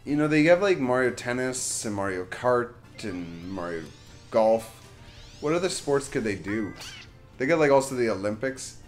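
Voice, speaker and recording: A man's voice: mid-range voice, sing-song, normal speed, faint music behind. A man gaming with a friend, crude and grumbling, cursing at his bad shots. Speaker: let's play co-host. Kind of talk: casual gaming banter.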